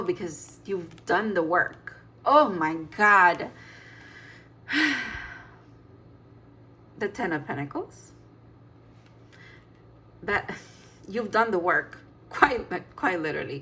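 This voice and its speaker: A woman's voice: mid-range voice, sharp tone. A woman giving a casual tarot reading, chatty and emphatic, laughing and sighing as she talks. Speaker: tarot reader.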